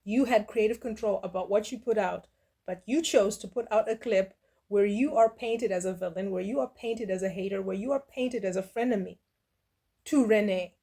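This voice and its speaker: A middle-aged woman dishing out casual reaction commentary. She is blunt and sassy, with a mocking edge and dismissive asides, and her voice sits at an ordinary pitch for a woman. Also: normal speed, warm tone, husky. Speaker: reaction video host.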